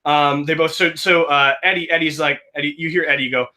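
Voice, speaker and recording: A man's voice: a little high, steady tone, fairly quick, hardly any pauses, pushed and bright. A man narrating a tabletop game as game master, rambling and correcting himself playfully.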